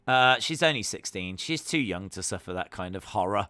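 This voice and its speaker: A man hosting a live reaction stream, talking casually and cracking jokes, often pausing on an uh. His voice is very bright and forward, with a crisp, clean tone. The sound is close and dry, with no room around it. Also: lowish voice, animated, no echo. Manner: chatty and joking, with many uhs.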